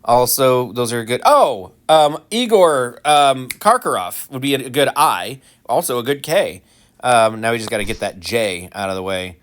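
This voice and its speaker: Unhurried and mid-range in voice, this gaming channel host plays a game while commenting casually and rambling. He says um a lot, restarts often, and throws in animated, mock-outraged asides.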